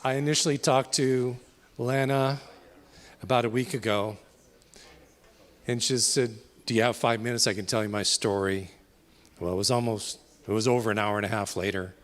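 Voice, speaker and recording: A man's voice: medium pitch, fairly even intonation, normal speed, long pauses, fairly bright tone. A man organizing a town hall, speaking earnestly to the audience and asking them questions. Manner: earnest, asks the crowd questions. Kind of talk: addressing the audience. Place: town hall meeting room. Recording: reverberant hall, faint crowd behind.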